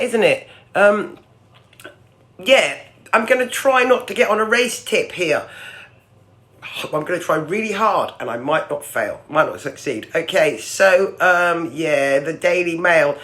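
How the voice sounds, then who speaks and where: A woman with a British accent hosting a livestream, ranting with sarcasm and swearing through the morning's newspaper headlines in a loud, projecting voice. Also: lowish voice. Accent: British English. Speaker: livestream host.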